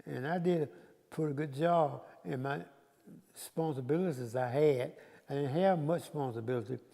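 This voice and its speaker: A man in his nineties, a war veteran from the United States, recounting memories in a halting, repetitive way during an interview. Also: fairly high pitch, gravelly, mellow, long reverb tail. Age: 90s. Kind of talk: interview recollection.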